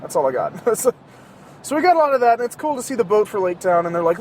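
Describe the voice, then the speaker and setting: A man's voice: high voice, sing-song, fast, a little mellow, a little hiss or hum. A man hosting a podcast, talking in a casual, rambling monologue from inside his car while he drives, joking and swearing sarcastically as he goes. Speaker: podcast host.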